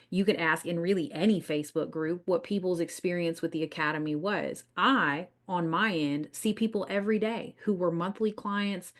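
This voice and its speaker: A woman with a Southern US accent hosts a marketing podcast in a somewhat low voice. She speaks with confident, emphatic conviction and slips into quoted voices to act out what clients say. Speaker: podcast host, business coach.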